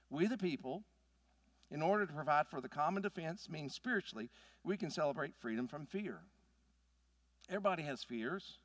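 A man in his sixties preaches with a lively, swooping voice that climbs high. He tells folksy stories and swings from booming to hushed, and the sound is dry and close. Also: no room sound. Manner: animated, folksy storytelling with big swings in loudness. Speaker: pastor. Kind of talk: sermon.

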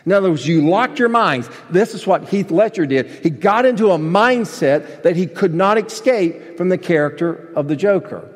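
A man's voice: high-pitched, expressive, normal speed, few pauses, long reverb tail. A man, a pastor, preaching a sermon with emphatic delivery and rhetorical questions to his congregation.

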